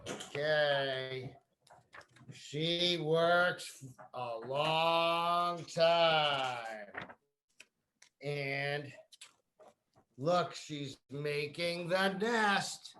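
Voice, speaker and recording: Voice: mid-range voice, very slow, pauses often, bright, forceful tone, a little hiss or hum. A teacher reading a picture book aloud to young children, drawing out words, repeating them and prompting the children to say them back.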